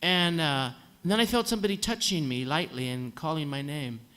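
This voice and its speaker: A man's voice: on the high side, a little fast, bright, forceful tone, smooth. A man telling a dry, humorous story to a concert audience, acting out the voices of the nurses and doctors. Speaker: singer telling a story on stage. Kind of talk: comic storytelling at a live concert. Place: concert hall on stage.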